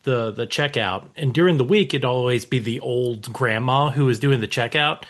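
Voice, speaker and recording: A man's voice: medium pitch, moderate pace, a bit bright. Man, easygoing co-host, anecdotal rambler. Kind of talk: casual chat.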